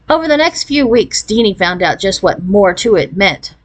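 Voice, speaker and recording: A woman reading a children's novel aloud in an expressive storytelling manner, lifting her voice for the characters' lines. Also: normal speed. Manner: expressive storytelling, raising pitch for quoted voices. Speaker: narrator.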